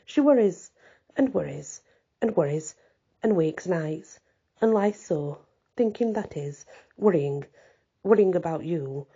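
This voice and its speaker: An old peasant father frets and rambles on, circling back over the same worries, as a woman reader puts him on. The voice is very dark and husky. The sound is dull and lo-fi. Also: on the low side, expressive, slow, long pauses, full character voice. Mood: fretful. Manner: rambling, repetitive telling.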